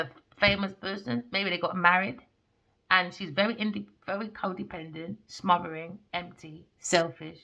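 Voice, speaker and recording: A woman's voice: on the low side, gravelly, sharp tone, highs cut off. A woman giving a casual tarot reading, talking bluntly and animatedly and swearing freely. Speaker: tarot reader.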